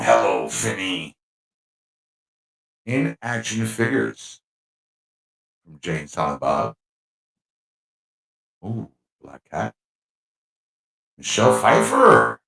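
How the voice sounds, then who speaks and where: A man's voice: fairly low pitch, sing-song, very slow, creaky, long pauses, fairly bright tone. A man hosting a casual livestream, chatting in a rambling way and laughing at himself. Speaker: livestream host. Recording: echoey mic with faint music.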